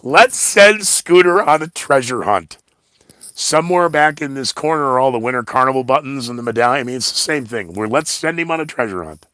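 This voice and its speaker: Male podcast host, blunt rambling talker with sarcastic asides, average pitch, recorded dry with no room echo. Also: fast talker, pushed and bright, clear, resonant tone. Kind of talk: rambling solo podcast monologue.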